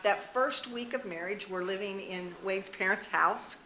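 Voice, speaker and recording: Older woman seminar speaker, candid and earnest, bright clear tone, mid-pitched. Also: unhurried, echoey room, a little hiss or hum, poor audio. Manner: frank and earnest, laughing at herself. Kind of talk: candid seminar talk with personal stories. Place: church hall.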